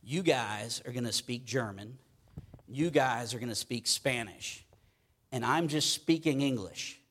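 A man's voice: medium pitch, a little slow, fairly bright tone. Pittsburgh-accented man preaching casually. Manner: conversational preaching, frequent "okay?" check-ins. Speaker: pastor. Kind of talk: sermon.

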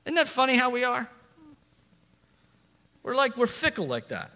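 A man's voice: very high-pitched, wildly swooping pitch, moderate pace, sharp tone. A man preaching a sermon as pastor, building emphasis and acting out quotes in his own voice. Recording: long echo of a large hall.

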